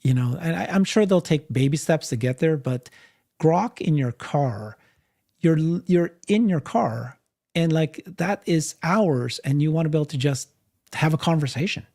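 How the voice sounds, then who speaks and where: A man co-hosting a podcast, talking in a casual, animated way, often laughing and restarting his sentences. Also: a little high, normal speed, creaky. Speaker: podcast co-host. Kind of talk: casual panel chat.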